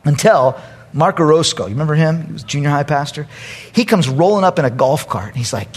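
A male pastor tells a story in his sermon with a husky, high voice. He swings his pitch widely and acts out every quote with loud, animated energy. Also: brisk.

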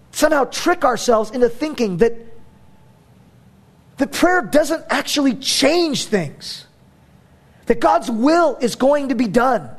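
A man preaching a sermon as a pastor, conversational and emphatic, with casual fillers. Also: very high voice.

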